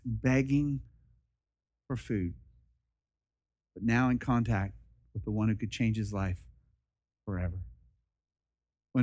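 A male pastor preaching a sermon in an impassioned, repetitive style that rises and drops. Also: medium pitch.

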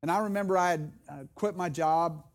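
High-voiced impassioned male pastor preaching. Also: steady tone, a little fast. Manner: impassioned, builds to loud emphatic repetition; earnest, personal storytelling with restarts. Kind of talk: sermon.

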